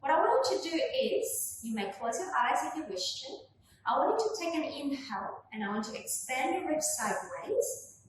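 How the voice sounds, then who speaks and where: A woman instructor gently guiding a pilates workout, calmly cueing breath and movement, recorded in a room at home. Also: sits high, normal speed. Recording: echoey room from far off, faint noise.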